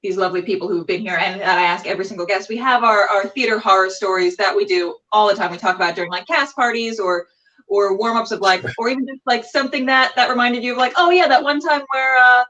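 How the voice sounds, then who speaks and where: A woman's voice: medium pitch, quick pace, pushed and bright, muffled recording. A woman hosting a casual interview over a video call, chatty and full of fillers. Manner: chatty, many fillers and restarts. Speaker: host.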